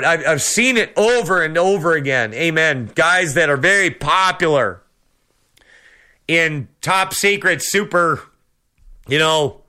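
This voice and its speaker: A man's voice: on the high side, unhurried, pushed and bright, smooth. A man preaching a sermon with fervor, peppering his talk with amens and praise the Lords. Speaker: radio preacher.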